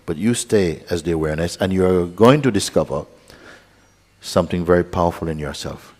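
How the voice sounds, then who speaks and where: Low-voiced man guiding meditation, reverberant hall. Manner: slow, calm guidance with playful asides. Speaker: spiritual teacher. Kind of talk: guided meditation talk.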